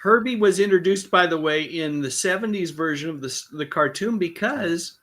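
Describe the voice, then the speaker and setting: A man's voice: sits high, moderate pace, a bit bright. A man hosting a casual film podcast, conversational, reading out viewer messages. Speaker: podcast host. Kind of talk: casual chat.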